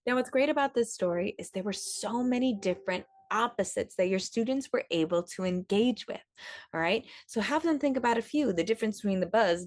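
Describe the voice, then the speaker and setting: A woman's voice: medium pitch, brisk, darkish tone, dry recording. A woman music teacher, upbeat and enthusiastic, explaining classroom activities to other teachers.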